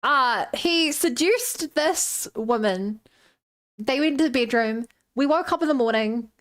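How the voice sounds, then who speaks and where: A woman's voice: sits high, lively intonation, measured pace, fairly bright tone. A woman streamer casually retelling a tabletop game session, chatty and loose with lots of filler words.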